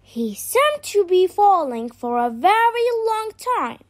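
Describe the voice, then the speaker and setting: High-voiced woman reading a storybook. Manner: slow, expressive read-aloud. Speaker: narrator.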